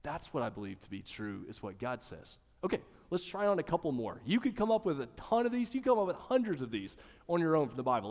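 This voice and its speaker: Guy pastor preaching, gets loud then goes quiet, sounds like a big echoey church. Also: medium pitch. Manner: animated preaching, swings from loud emphasis to hushed. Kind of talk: sermon.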